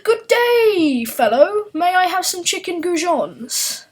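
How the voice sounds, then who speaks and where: A woman voicing a fussy upper-class English gentleman in an exaggerated, plummy posh English accent. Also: very high voice, sing-song, slow, voice pushed up, heavily acted. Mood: haughty fluster.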